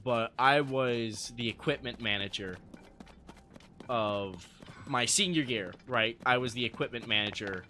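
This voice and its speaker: A man's voice: medium pitch, unhurried, pushed and bright, slight background noise. A young adult man streaming live, telling casual stories to his chat, swearing freely and laughing often.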